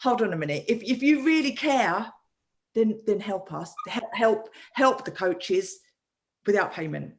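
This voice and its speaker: A woman hosting a live online talk as a coach, animated and often restarting her sentences over a video call. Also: mid-range voice, a little slow, a little hiss or hum. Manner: animated, with many repeated restarts. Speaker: host and coach.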